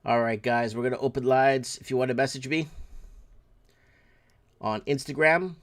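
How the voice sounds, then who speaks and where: A man hosting a talk show, ranting angrily and cursing, swinging between shouted bursts and low muttering. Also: normal speed. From Portuguese heritage. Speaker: show host. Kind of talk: angry political rant.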